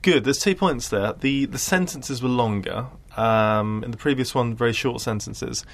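A man's voice: mid-range voice, normal speed. A man teaching an English class, patient and encouraging with his students.

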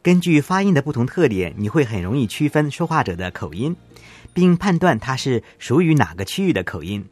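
A man's voice: medium pitch, very animated, fairly quick, darkish tone, soft background music. A man co-presenting a language programme, asking curious questions and summing up for learners. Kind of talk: scripted educational presenting.

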